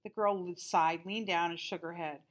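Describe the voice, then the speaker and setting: A teacher reading a novel aloud to her class in a calm, steady storytelling manner. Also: lowish voice, a little slow.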